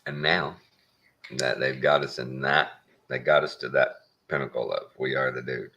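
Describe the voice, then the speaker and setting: A Texan man talking straight to the listener in a folksy, wry monologue. His voice sits extremely low and grinds with gravel. It still comes through with a bright, forceful edge. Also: steady tone, moderate pace, highs cut off. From Texas. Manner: folksy, plain-spoken, wry. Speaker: show host. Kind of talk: casual opinion monologue.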